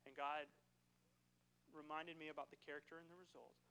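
Preaching in a church, this man has a slightly high, level voice that is brisk, bright and forceful. His sermon is casual and conversational, peppered with "right?" aimed at the congregation. The low-quality recording carries a little hiss or hum.

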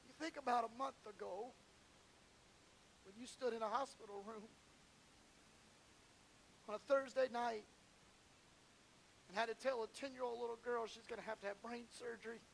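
High-voiced pastor preaching. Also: male voice, fairly even intonation, moderate pace, creaky, pauses often, slight background noise, low-quality recording. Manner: conversational storytelling, rising in pitch and volume as he grows emotional. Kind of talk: sermon.

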